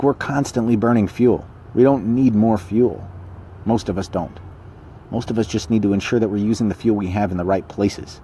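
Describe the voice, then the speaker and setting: Deep-voiced man giving blunt pep talk. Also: dark tone, a little hiss or hum. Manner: blunt, conversational, repeats and restarts phrases. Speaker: podcast host. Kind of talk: casual motivational monologue.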